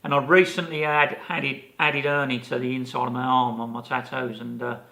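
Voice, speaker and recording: Gravelly, bright-voiced man telling stories. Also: medium pitch, brisk. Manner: lively anecdote-telling, acting out the people he quotes. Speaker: podcast co-host. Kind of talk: casual storytelling chat.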